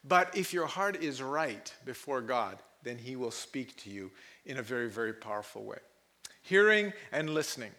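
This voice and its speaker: A pastor from Pakistan preaches to a live congregation, telling personal stories, laughing often, and mimicking voices. His medium-pitched voice is animated and sharp at a moderate pace.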